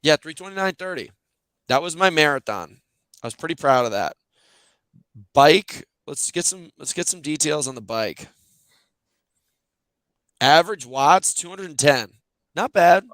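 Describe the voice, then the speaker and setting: A man's voice: fairly high pitch, measured pace, pauses often, no echo. A male podcast host chatting casually, telling stories animatedly with lots of fillers. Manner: animated, loose storytelling with many fillers. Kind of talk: casual chat.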